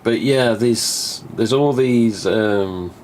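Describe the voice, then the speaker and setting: Talking extremely slowly, a man from England with a fairly low pitch and a darkish tone hosts a live stream, a faint hiss or hum in the audio. His monologue is rambling and chatty, peppered with casual swearing and acted-out recollections of what people said.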